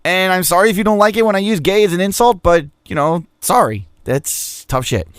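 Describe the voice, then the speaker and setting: A man hosts a loose radio show and mocks his listeners with crude, profane jabs. His voice sits a little high and the sound is dry and close. An allergy attack has him sniffling and sneezing between messages. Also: lively intonation, fairly quick, a bit bright, clear, resonant tone, no echo. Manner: crude, mocking, profane banter. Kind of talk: casual internet radio talk reading listener messages.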